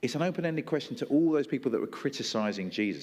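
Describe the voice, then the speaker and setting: A man's voice: medium pitch, lively intonation, fast talker, few pauses, darkish tone. A male preacher delivering a sermon in a conversational storytelling style, acting out voices. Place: church hall. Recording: long hall reverb.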